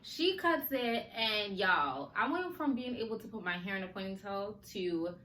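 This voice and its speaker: A woman with a bright, forceful voice chatting casually as a podcast host. She laughs often, throws in slangy asides to her listeners and sounds a little slurred from a sore mouth. The room is roomy and echoey, with a faint hum of ambience. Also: mid-range voice, animated, normal speed. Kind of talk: casual chat. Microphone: recorded on video for a podcast.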